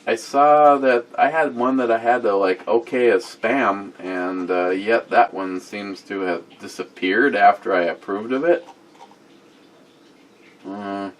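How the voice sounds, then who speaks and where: A man with a fairly low voice hosts a casual beer review vlog. He rambles off the cuff, fills his talk with "uh," and reads viewer comments aloud. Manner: rambling, off-the-cuff, with many fillers.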